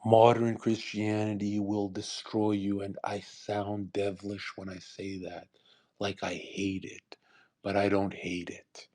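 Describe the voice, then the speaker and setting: A man's voice: on the low side, little pitch movement, measured pace, dark tone. A young man giving a provocative, crude, preachy monologue on a live voice call. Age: young adult. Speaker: speaker on a live audio call. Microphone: online voice call.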